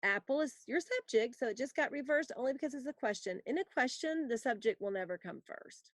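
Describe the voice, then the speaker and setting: A woman teaching a recorded grammar lesson, explaining patiently and reading example sentences slowly for students to write down. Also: high voice, lively intonation, no room sound.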